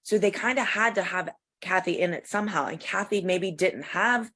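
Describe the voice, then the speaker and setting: A middle-aged woman co-hosts a podcast, chatting casually with a slightly low voice. She asks pointed, skeptical questions and agrees readily. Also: moderate pace, pushed and bright, a little hiss or hum. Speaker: podcast co-host. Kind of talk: casual chat recapping a TV episode.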